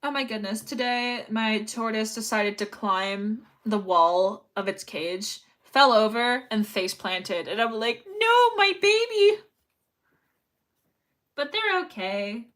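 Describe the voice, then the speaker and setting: A woman's voice: medium pitch, a little slow, few pauses, a bit bright. A young woman chatting casually on a livestream while sewing, rambling and reading chat messages aloud. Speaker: live streamer.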